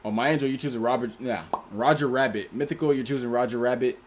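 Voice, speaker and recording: A man's voice: medium pitch, fast. A man hosting a casual livestream, reading out viewers' names and chatting in about their movie picks. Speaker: livestream host.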